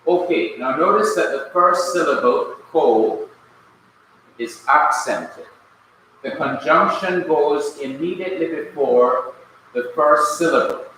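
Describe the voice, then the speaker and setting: A man from Jamaica teaching a Hebrew grammar class, explaining slowly and deliberately in a classroom. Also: a little high, animated, pushed and bright. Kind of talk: classroom lecture. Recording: very echoey room, faint hum.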